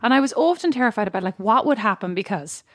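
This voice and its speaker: A woman's voice: on the high side, expressive, fast talker, dry recording, studio quality. A woman co-hosting a podcast, chatting casually, giggly and self-deprecating. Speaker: podcast co-host. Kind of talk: casual chat.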